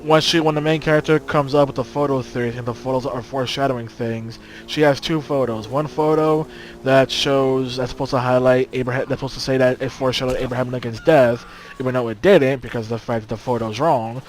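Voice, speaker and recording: A young man with a mid-pitched voice gives dry, sardonic comments in a loose gameplay chat. A faint hiss sits under his voice. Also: fairly even intonation, brisk, rough recording. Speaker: co-host of a gameplay video. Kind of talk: casual chat during gameplay.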